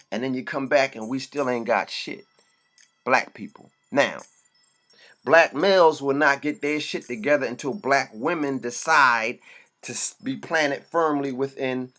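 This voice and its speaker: A man's voice: medium pitch, fairly bright tone. A man delivering an impassioned, profane monologue. He talks bluntly and preaches in short bursts.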